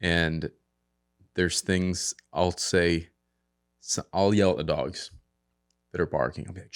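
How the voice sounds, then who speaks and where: Low voiced dad on a podcast, laughs a ton, does the voices when he tells stories. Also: steady tone, takes it slowly, long pauses, clean tone. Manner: laughs often, acts out quotes with a raised voice. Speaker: podcast co-host. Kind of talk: casual chat.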